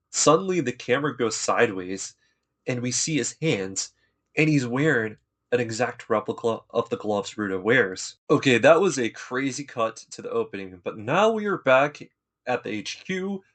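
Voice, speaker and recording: Casual, slangy man recapping an anime. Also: mid-range voice. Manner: laid-back, slangy, enthusiastic retelling. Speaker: anime episode reviewer.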